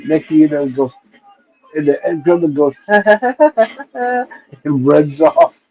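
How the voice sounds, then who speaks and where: A middle-aged man with a slightly raised voice tells stories at a loose, wandering pace, often tossing in "right?" to keep listeners along. His stream audio sounds dull and lo-fi, with the top end muffled. The delivery is a relaxed, nostalgic chat. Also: on the high side, moderate pace, soft background music. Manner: rambling retelling, frequent "right?" and "you know" check-ins. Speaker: stream host. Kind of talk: casual nostalgic storytelling. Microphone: streaming mic.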